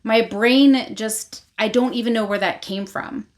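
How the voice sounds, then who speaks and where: A woman's voice: on the high side, measured pace, natural voice. A woman reading a recap aloud as she voices a tired, hungry young woman who complains in an exasperated rush. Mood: frustrated.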